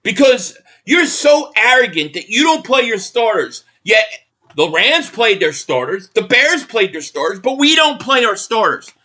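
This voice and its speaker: Angry guy on a live stream, cussing and hammering the same point, voice jumping all over, bright and punchy. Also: high voice, very animated, unhurried. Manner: furious, blunt, swearing, repeats his points. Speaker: live stream host reacting to a football game. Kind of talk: angry live reaction rant, reading viewer messages.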